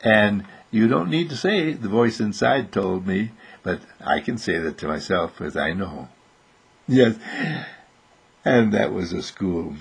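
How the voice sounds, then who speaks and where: Raspy gravelly guy doing a playful bedtime story for kids, lots of ups and downs in his voice. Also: fairly low pitch, unhurried. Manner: animated, playful, jumps into children's voices; soothing and soft when winding down to sleep. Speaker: children's storyteller.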